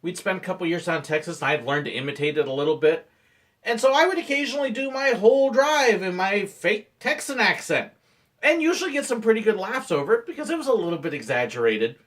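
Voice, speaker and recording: A former theme park ride operator tells playful stories from the job in a casual vlog. His voice is animated, and his pitch roams widely as he builds to each punchline. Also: fast talker. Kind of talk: storytelling vlog narration.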